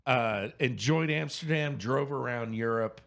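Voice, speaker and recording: A man in his fifties from Louisiana, telling a story in casual chat, animated, laughing and swearing freely. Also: mid-range voice, measured pace, creaky. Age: 50s.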